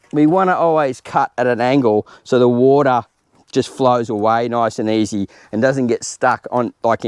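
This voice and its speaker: A man with an Australian accent talks through a gardening job in an informal, chatty way, as if explaining to a friend while he works. His voice sits at an ordinary middle pitch. The sound is dry and close, with little room echo. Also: a little mellow. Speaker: home gardener host. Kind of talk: casual gardening tutorial. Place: outdoor home garden.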